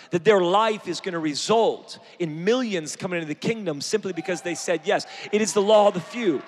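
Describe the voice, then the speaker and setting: A man preaching a sermon, fervent and emphatic, building to shouts. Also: sits high, husky, in a large hall.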